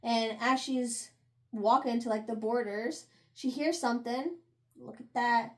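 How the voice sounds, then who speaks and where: Chatty high-voiced young woman recapping a book. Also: fairly even intonation. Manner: chatty, laughing, slangy, acts out characters in quick asides. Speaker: book review podcast co-host. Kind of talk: casual chat recapping a novel.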